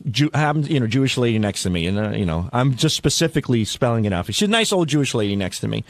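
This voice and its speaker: A man's voice: medium pitch, big pitch swings, fast, no room sound. A man who is a show regular, telling rambling, profane stories in a casual radio studio chat.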